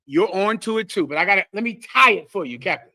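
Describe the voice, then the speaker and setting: Talking fast in a bright, forceful voice that sits high for a man, a scripture class teacher preaches to a live congregation with lively call-and-response, speaking directly to listeners and picking out people in the room. The sound is dry and close, with no echo.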